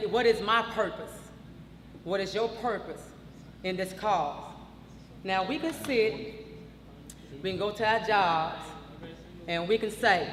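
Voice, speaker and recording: A high-voiced man speaks in a measured, thoughtful way, asking his audience to look at their own purpose. The hall rings with reverb, and a faint murmur of room noise sits underneath. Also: fairly bright tone. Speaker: meeting speaker. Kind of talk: speech at a meeting. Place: large meeting hall.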